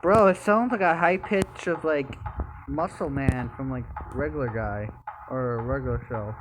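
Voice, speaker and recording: A man's voice: mid-range voice, normal speed, background noise. A young man giving nervous horror game commentary, repeating bro and dude as he plays. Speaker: gamer. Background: game music.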